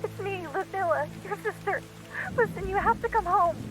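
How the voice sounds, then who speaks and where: Grieving, frightened sister from a horror game, high-pitched and pleading, with music behind. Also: female voice, normal speed, poor audio. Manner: pleading, accusing, tearful. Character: frightened grieving young woman, the sister, alone. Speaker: game character.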